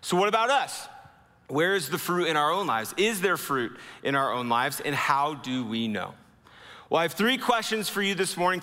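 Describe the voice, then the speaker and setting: Bright-voiced man preaching in a reverberant hall. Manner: earnest preaching, slowing and dropping low for emphasis. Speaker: pastor. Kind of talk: sermon.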